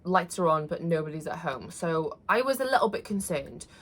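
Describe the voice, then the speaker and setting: A woman's voice: low-pitched, animated, normal speed. A woman, telling a personal story to camera in an earnest, conversational way with many fillers. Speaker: vlogger.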